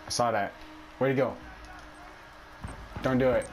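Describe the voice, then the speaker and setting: A man's voice: medium pitch, fairly even intonation, a little slow, a little hiss or hum. A man giving casual, self-mocking commentary while playing a video game, yelping in panic when things go wrong. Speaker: gaming YouTuber. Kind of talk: casual let's play commentary.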